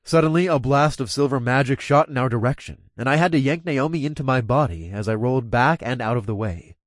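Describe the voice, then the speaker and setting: A man narrating a first-person story aloud, dropping into a low growl for his own character's lines. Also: brisk, no room sound, studio quality.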